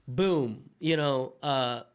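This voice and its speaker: A young man co-hosting a podcast, telling a story in an excited, casual way full of swearing and fillers. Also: mid-range voice, drawn-out words, smooth. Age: young adult. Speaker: podcast co-host.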